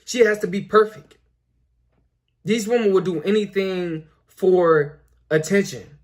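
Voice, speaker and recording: Young male host, high voice, preachy and repetitive, filler-heavy casual monologue. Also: unhurried. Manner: repetitive, preachy, lots of "you know" fillers. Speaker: commentary video host.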